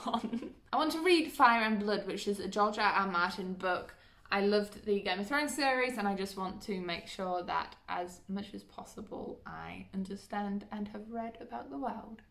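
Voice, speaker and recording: A woman's voice: mid-range voice, a bit bright. A young woman vlogging at home, chatting casually as she lists books and adds self-deprecating asides. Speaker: book vlogger. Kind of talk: casual book list vlog.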